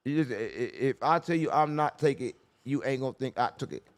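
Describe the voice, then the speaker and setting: A man's voice: mid-range voice, animated, fairly quick. A man hosting a casual podcast, brash and profane, preaching life advice in a loose, rambling way. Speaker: podcast host.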